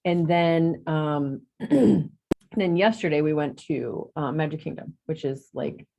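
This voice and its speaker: A woman's voice: unhurried, dull audio. A middle-aged woman telling a story to her coaching group in casual chat, acting out the quotes with big leaps in her voice. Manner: animated, acts out quotes with big jumps in pitch. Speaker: real estate agent in coaching group.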